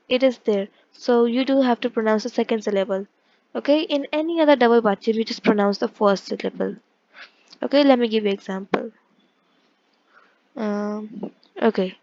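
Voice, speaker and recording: A woman with a fairly high voice teaches an online language lesson, working through rules step by step and often stopping to correct herself. The recording is dry and close, with a slightly dull, muffled top end. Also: mellow, dry recording. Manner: explains step by step, with frequent self-corrections and fillers.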